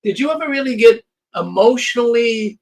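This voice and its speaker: A man's voice: extremely high pitch, lively intonation, moderate pace, creaky, low-quality recording. An older man hosting a commentary show, talking in an indignant, sarcastic way with stammering restarts as he reacts to video clips.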